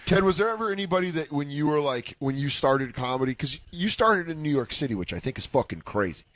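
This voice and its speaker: A man co-hosting a comedy radio show who tells animated stories and mimics other people's voices. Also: a little high, fast talker, no echo. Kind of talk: casual radio chat.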